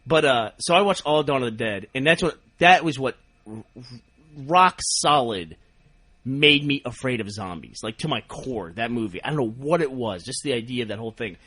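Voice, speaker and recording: A man's voice: mid-range voice, normal speed, no echo. A middle-aged man co-hosting a podcast, telling childhood stories in casual chat and often laughing through them. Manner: animated, laughs through his own stories. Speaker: podcast co-host.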